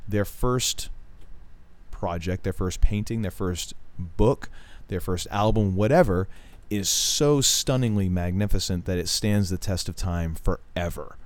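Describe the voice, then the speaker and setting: A middle-aged man with a fairly low voice talks casually as a podcast co-host. He rambles from one story to the next, cracks jokes and laughs along the way. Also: measured pace. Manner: rambling, jokey, laughs while telling stories. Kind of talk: casual chat.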